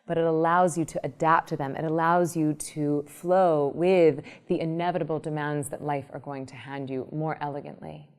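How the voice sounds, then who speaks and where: A woman meditation teacher explaining her ideas in an interview, telling lively everyday examples. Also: low voice, moderate pace, hardly any pauses, clean tone. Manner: animated storytelling, explanatory. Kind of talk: interview answer with acted examples.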